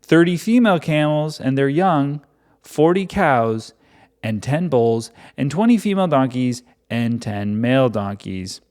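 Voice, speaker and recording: A man's voice: mid-range voice, animated, measured pace, darkish tone. A man reading a Bible chapter aloud and breaking off for casual, joking commentary. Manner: irreverent, joking asides between readings.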